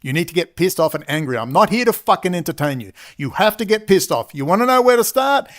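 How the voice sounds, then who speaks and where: A man's voice: high voice, big pitch swings, quick pace. A man ranting as a commentator in an angry monologue, swearing and saying he is exhausted. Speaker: political commentator.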